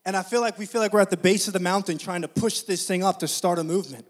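A man with a notably high voice delivers a sermon. He speaks to the congregation in a chatty, storytelling way and rises into loud, energetic preaching. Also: fast talker, husky. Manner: conversational, addresses the congregation directly.

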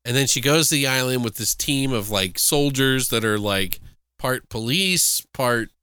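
Animated, profane man recapping a movie. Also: medium pitch, a little slow, clear, resonant tone, dry recording, clean studio sound. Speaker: podcast co-host. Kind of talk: casual movie review chat.

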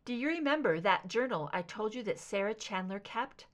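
A woman voicing a calm, firm female FBI agent in an audiobook, speaking steadily and low. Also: normal speed, close to an everyday voice. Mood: steady.

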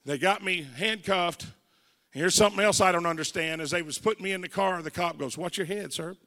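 In a reverberant church sanctuary, a Southern evangelist in his forties preaches his testimony sermon and acts out the voices in his story. His voice sits high, a bit bright, and moves a little fast.

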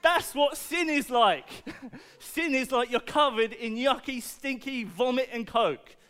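Lively high-voiced preacher man. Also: unhurried, clear, resonant tone. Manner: animated, playful, asks the audience questions. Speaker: preacher at a children's church talk. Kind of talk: lively sermon to children with object lessons.

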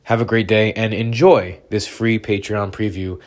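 A man's voice: fairly low pitch, fairly even intonation, normal speed. Slightly sick man hosting a podcast. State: a little sick. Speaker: podcast host. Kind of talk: scripted show announcement.

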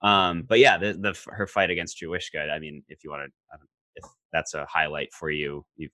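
A man talking casually about a movie, enthusiastic and jokey, with quick bursts of excitement. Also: rumbling low, no room sound, studio quality. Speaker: co-host discussing a film. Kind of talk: casual film discussion.

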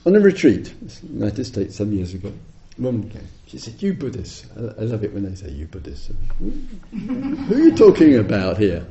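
Animated dark-voiced man giving a dharma talk. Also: fairly low pitch, moderate pace, hardly any pauses. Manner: animated storytelling, chuckles often. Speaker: meditation teacher. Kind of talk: dharma talk to retreat audience. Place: retreat hall. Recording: roomy, slightly dull hall recording.

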